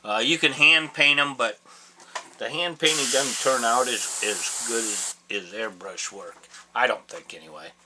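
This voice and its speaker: A man's voice: medium pitch, measured pace. Man, plain-spoken demo talk, home workshop, spray hiss, air compressor, noisy audio. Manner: folksy, plain-spoken, rambling asides. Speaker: taxidermy instructor. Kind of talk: casual step-by-step demonstration.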